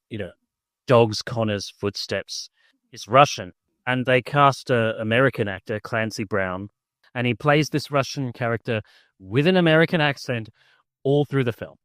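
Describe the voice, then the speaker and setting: A man's voice: mid-range voice, a bit bright, no echo. Male podcast co-host with a mid-range voice, an easygoing rambling delivery and a dry recording. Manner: rambling, full of "like" and restarts, enthusiastic. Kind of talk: casual film-review chat.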